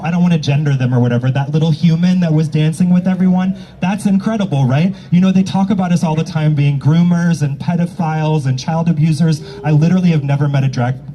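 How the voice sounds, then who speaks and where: A man's voice: a little high, fast, few pauses, warm tone, a little hiss or hum, rough recording. A man hosting as a drag emcee at an outdoor rally, bantering with the audience in a brash, teasing and profane way. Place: outdoor public square at a rally. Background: faint crowd.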